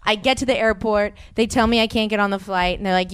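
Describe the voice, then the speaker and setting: Podcast co-host, woman, 30s, American. Smooth clear voice, close dry mic, animated and profane. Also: mid-range voice, fast, no echo. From United States. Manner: animated storyteller, swears freely, acts out quotes. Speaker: podcast co-host telling a travel story. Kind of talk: casual chat.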